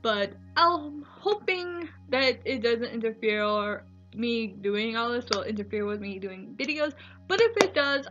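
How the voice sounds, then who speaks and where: A woman's voice: a little high, fairly bright tone. A young adult woman vlogger telling a personal story in a chatty, rambling way, full of "like" fillers. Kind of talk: casual storytelling vlog. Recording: dull lo-fi recording with faint music.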